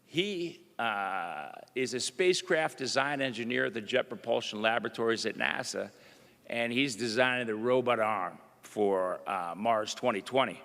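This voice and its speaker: A man's voice: medium pitch, moderate pace, vocal fry, fairly bright tone. A middle-aged man, a government undersecretary, giving a folksy public speech full of anecdotes, with lots of "you know" and "uh". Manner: folksy, chatty storytelling with frequent "you know" and "uh". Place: university event hall. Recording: long reverb of an event hall.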